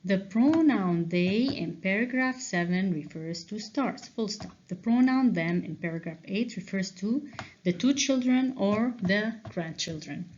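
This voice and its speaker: A woman teacher going through revision answers with a class, explaining slowly and checking in with frequent "okay?"s. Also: medium pitch, animated, a little mellow, a little hiss or hum. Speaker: English teacher. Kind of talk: revision lesson walkthrough. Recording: dull lo-fi recording.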